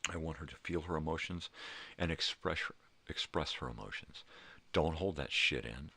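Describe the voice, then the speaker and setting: A very deep, gravelly voice from an older man who rambles through a casual monologue. He swears freely and hammers his points with heartfelt emphasis. Lots of "you know"s fill the gaps. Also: moderate pace, pushed and bright. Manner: emotional, heartfelt. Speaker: vlogger.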